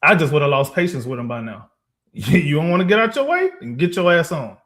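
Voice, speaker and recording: A male podcast co-host in casual sports chat, his voice sitting slightly higher than most men's. He argues with heat, piling up rhetorical questions and laughing often. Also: big pitch swings, brisk, a bit bright. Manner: emphatic, fired-up rhetorical questions with frequent laughs.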